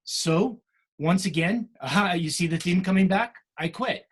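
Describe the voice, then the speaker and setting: Middle-aged guy from the us, talks to students, kinda high voice, loose storytelling. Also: moderate pace. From United States. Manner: many fillers and restarts, storytelling. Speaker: career day speaker. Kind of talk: casual talk to students.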